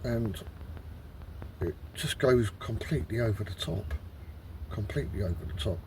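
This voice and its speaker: A man's voice: on the low side, expressive, warm tone, slight background noise. Exasperated swearing man rambling in woods. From Britain. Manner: exasperated, swears constantly, halting restarts. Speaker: vlogger. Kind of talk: rambling outdoor monologue. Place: woodland outdoors.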